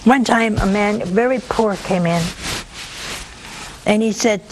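A woman preaching a sermon, telling a story in a lively, humorous way despite a sore throat. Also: medium pitch, slow pace, pauses often, a little hiss or hum, poor audio.

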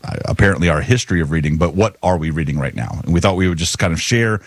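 A man's voice: low voice, quick pace, husky, dry recording. A man co-hosting a podcast, chatting casually and rambling with teasing asides. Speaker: podcast co-host. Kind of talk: casual chat.

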